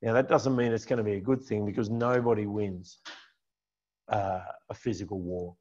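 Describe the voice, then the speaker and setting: A man's voice: on the low side, steady tone, moderate pace, darkish tone, muffled recording. A man giving a conversational, emphatic client update as a financial adviser, talking over slides. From Australia. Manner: conversational, emphatic, repeats key points. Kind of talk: presentation with slides.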